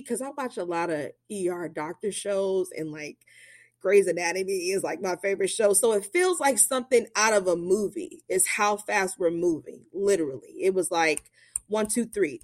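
A young adult woman tells her own story in a loose, chatty way, with plenty of fillers. She acts out the people she quotes as she goes, and her speaking voice sits at an ordinary middle pitch. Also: no room sound, clean studio sound. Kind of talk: personal storytelling.

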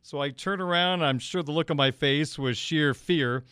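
Animated sports radio host man, crisp dry sound. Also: moderate pace, no echo. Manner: animated, quotes voices with big pitch jumps. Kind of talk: casual radio monologue, personal anecdote.

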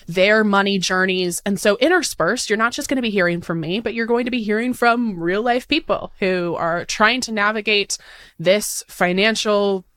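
A woman in her late twenties hosting a podcast, talking in a bubbly, excited, gushing way. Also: mid-range voice, moderate pace, no echo. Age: 20s. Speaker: podcast host. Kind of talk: upbeat podcast monologue.

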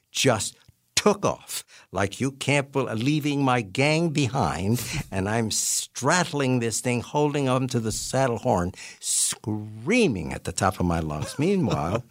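Veteran actor, 80s, male; animated raconteur with a wide pitch range, dry studio sound. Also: takes it slowly, dry recording. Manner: animated storyteller who acts out voices and laughs often. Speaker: guest, character actor. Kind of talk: anecdotal interview storytelling.

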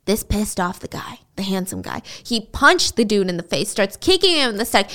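A woman's voice: medium pitch, big pitch swings, fairly quick, hardly any pauses, pushed and bright. A woman podcast host telling a story in a chatty, casual way. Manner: chatty, laughs while telling.

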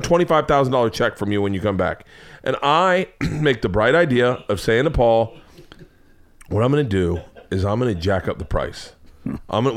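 A man in his forties hosting a podcast, telling a story in an animated way, acting out every character and swearing freely. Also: mid-range voice. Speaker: podcast host.

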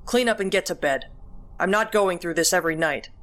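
A grumbling, mean old grandfather in a horror audio drama, put on by a woman narrator. He sounds gruff and short-tempered, and the voice sits a little low. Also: a little fast, fairly bright tone, lightly acted.

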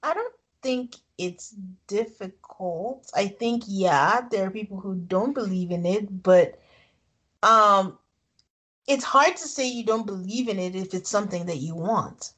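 A woman co-hosting a podcast, recapping a reality show episode in casual, animated chat. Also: mid-range voice, unhurried, breathy edge. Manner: animated storytelling, frequent laughs. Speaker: podcast co-host.

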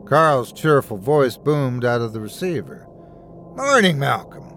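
Guy reading a scary story, steady and suspenseful, mid-pitched voice. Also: a little slow, soft background music. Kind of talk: scripted horror narration.

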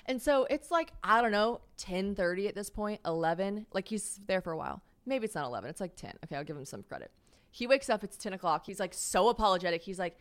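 Podcast host, woman, late 20s, casual storyteller, animated, salty, plays out every quoted line. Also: fast. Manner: animated, swears, acts out quotes with jumps in pitch and volume, laughs often. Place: her apartment.

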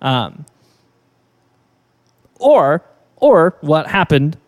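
A man's voice: a little high, big pitch swings, extremely slow. Guy on a podcast telling a story, lots of ums and likes, reverb tail. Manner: rambling storyteller with fillers and laughs. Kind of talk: casual chat.

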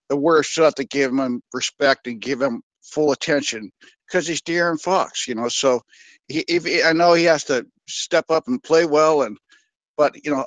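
A man calling in to a sports radio show, talking in a halting, rambling way with many fillers. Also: fairly high pitch, no echo, poor audio. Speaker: caller. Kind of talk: sports call-in talk.

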